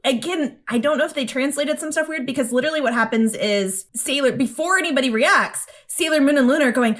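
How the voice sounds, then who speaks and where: A woman's voice: high-pitched, fast talker, few pauses, fairly bright tone. A woman co-hosting a casual podcast chat, animatedly retelling cartoon scenes and acting out the lines in quoted voices. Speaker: podcast co-host.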